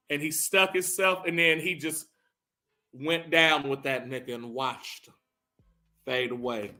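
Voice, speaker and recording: A man telling a profane, animated comedic recap of a film, acting out the characters' lines as he goes. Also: fairly high pitch, measured pace, a little hiss or hum.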